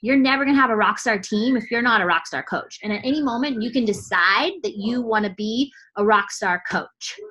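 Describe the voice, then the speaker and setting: A woman's voice: fairly high pitch, fairly quick, hardly any pauses, a bit bright, rough recording. A woman coach giving a motivational team training talk, fired up and blunt, casual with swearing and lots of "like" fillers.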